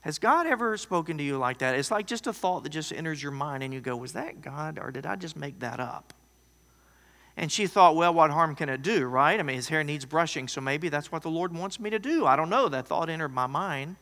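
A man preaching a sermon, telling a story that swings from loud to hushed. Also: on the high side, animated, fairly quick. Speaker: pastor. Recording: long hall reverb.

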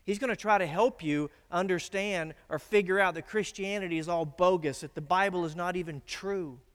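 A man's voice: high-pitched, normal speed, clean tone. Preaching man in a reverberant hall. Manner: emphatic preaching, swings from loud declarations to hushed warnings. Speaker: pastor. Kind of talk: sermon. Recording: long reverb of a church hall.

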